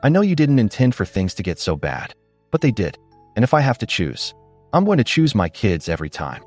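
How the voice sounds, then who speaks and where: A man's voice: lowish voice, huge pitch swings, fairly quick, darkish tone, faint music behind. A man reading the lines of a heartbroken middle-aged father, raw and pleading.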